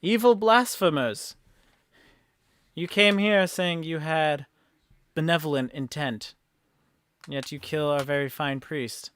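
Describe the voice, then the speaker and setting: This is an indignant male town mayor , put on by a man running a tabletop game. He speaks loudly and higher than the narrator's own voice, denouncing outsiders to the townsfolk. The sound is dry and close. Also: takes it slowly, pauses often, clear, resonant tone, no echo. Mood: accusing. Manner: loud, indignant proclamation. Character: accusing male town mayor, stirring up crowd.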